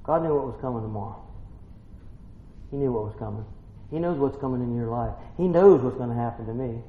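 A man preaching a folksy Bible-teaching sermon, swinging between quiet musing and excited exclaiming. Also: mid-range voice, brisk. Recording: echoey room, muffled lo-fi sound.

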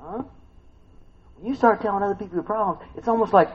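Lively high-voiced man preaching conversationally. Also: a little fast, lo-fi sound. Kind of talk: sermon.

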